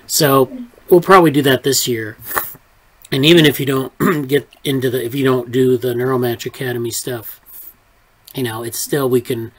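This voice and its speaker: A man chatting casually in an online lab meeting, his voice at an ordinary middle pitch. He rambles, circling back with fillers and restarts as he thinks aloud. The sound comes through a video call. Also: fairly even intonation, normal speed, poor audio. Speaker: research group leader.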